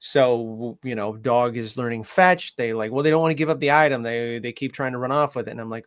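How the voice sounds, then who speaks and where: Man, dog trainer, loose rambling chat, middle pitch, full of ums and restarts, softens to gentle coaxing. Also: fairly quick, few pauses. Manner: rambling, lots of fillers, coos softly when quoting himself to the puppy. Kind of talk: casual talk to camera.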